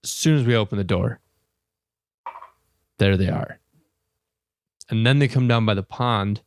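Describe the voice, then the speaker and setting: A man co-hosting a casual podcast, telling a story with lots of laughter and high-pitched impressions of the people in it. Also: a little slow, slight background noise. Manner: animated storyteller, mimics people in high voices, laughs often. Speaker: podcast co-host.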